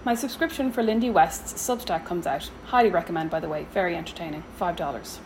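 Woman, 30s, lowish voice, slightly rough throat, dry wit, faint ambient noise. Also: a little fast, a little mellow, poor audio. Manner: wry, dry sarcastic asides. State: sore throat and cough. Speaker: vlogger reading her weekly spending diary. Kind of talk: scripted diary narration.

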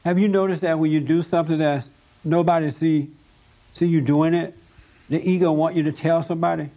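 A man leading a group talk, telling a story in a lively way and laughing often. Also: a little high, brisk. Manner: animated, laughs often, acts out other voices. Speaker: discussion group leader.

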